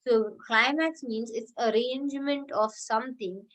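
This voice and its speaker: A woman's voice: fairly high pitch, a little slow, fairly bright tone. Woman teaching an online lecture. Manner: explains with spoken examples, frequent fillers and restarts. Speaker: English teacher.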